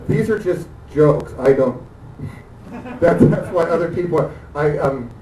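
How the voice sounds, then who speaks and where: Halting high-voiced male stand-up comic. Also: lively intonation, dark tone. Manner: halting, hesitant delivery with many fillers and restarts; laughs at own jokes. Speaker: stand-up comedian. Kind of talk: dark deadpan stand-up. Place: comedy club stage. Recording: echoey room, distant mic, audience noise.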